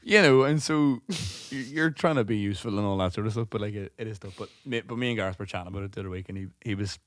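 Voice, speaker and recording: A man's voice: on the low side, fast talker, dry recording, studio quality. Sweary laughing man. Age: 30s. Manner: rambling, sweary, laughs through stories. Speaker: podcast co-host. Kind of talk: casual chat.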